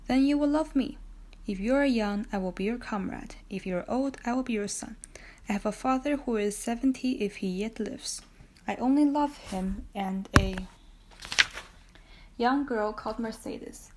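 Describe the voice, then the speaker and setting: Woman reading a young imprisoned man, fervent and imploring, slightly high. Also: moderate pace, a little mellow, slight background noise, lightly acted. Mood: pleading. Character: young male prisoner, desperate and pleading.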